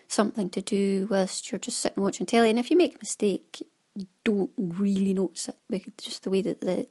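A woman chats on at an easy, homely pitch, neither high nor low. She rambles from one thought to the next. Her voice often sinks into quiet, breathy asides before it lifts again. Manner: rambling and chatty, often trails into soft asides. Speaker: knitting podcast host. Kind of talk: casual chatty monologue.

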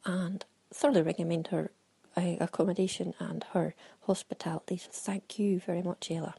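Chatty Scottish woman with a gravelly voice. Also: fairly low pitch, steady tone, fairly quick, dark tone, poor audio. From Scotland. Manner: chatty, laughing, breaks into quoted exclamations. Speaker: audio diarist. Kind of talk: casual travel audio diary.

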